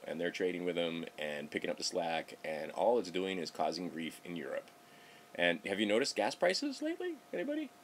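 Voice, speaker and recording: Middle-aged male vlogger, lowish voice, sarcastic off-the-cuff political ranting with frequent restarts. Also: slight background noise. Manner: rambling, sarcastic, self-interrupting. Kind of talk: casual political commentary.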